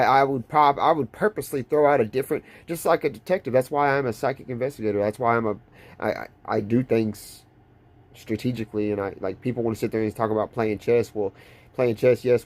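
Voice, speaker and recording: A man's voice: medium pitch, darkish tone. A young man talking straight to camera in a casual vlog, rambling and intense, with many restarts. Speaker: vlogger.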